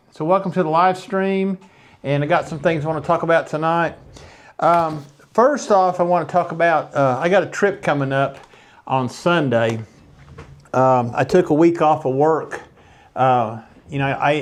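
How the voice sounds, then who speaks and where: An older man with an easygoing Southern American drawl chats his way through a live stream from his home studio. He talks in a folksy, meandering manner, full of small asides as he sets things up. His voice sits at an ordinary middle pitch. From East Tennessee, USA. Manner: folksy, rambling, unhurried asides. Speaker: photographer hosting a live stream. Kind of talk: casual live-stream chat.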